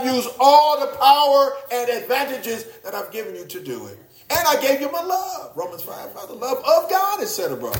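A man preaching a sermon, swinging between loud exclamations and low, quiet asides, often repeating and restarting his words. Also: very animated, normal speed, hardly any pauses, roomy sound.

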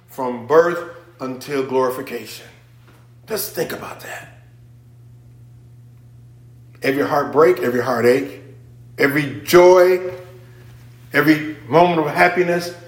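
A man preaching a sermon in church. He swings between hushed asides and near-shouted emphasis, with casual remarks to the congregation. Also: mid-range voice. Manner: informal, conversational asides with the congregation. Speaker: pastor. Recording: echoey church room.

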